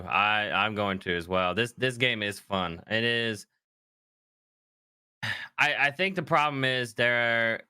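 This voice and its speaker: A man co-hosting a podcast, chatting casually about video games, animated and quick to laugh. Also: lowish voice, clean tone, no room sound, clean studio sound. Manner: animated, laughs often, trails off. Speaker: podcast co-host. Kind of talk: casual gaming chat.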